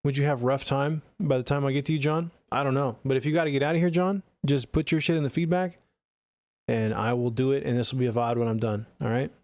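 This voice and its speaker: A man's voice: mid-range voice, steady tone, fast, a little mellow, dry recording. A man streaming live, giving blunt, profane, chatty feedback on listeners' songs into a close studio mic. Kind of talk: casual live-stream critique.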